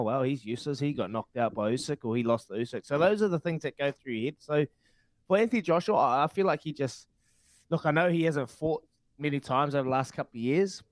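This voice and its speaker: Casting note: man, mid pitch, heartfelt and advising, dry close sound. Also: no room sound. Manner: heartfelt, advising, stumbling restarts. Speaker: former rugby player, co-host. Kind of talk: casual sports chat.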